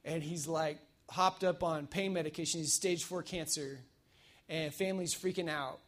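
High-voiced, energetic preaching man. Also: moderate pace. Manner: energetic, conversational storytelling with fillers. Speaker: pastor. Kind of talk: casual sermon. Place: church service.

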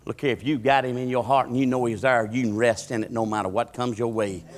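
A male pastor, preaching a sermon as a storyteller whose voice climbs loud and high at the peaks. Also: fairly even intonation, fast talker.

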